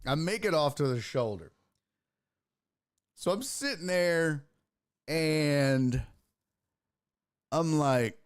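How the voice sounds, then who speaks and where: Profane, animated man telling a story. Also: a little high, takes it slowly, long pauses, clean tone. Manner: profane, rambling anecdote with lively impressions. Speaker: sports talk show host. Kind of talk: casual storytelling on a live stream.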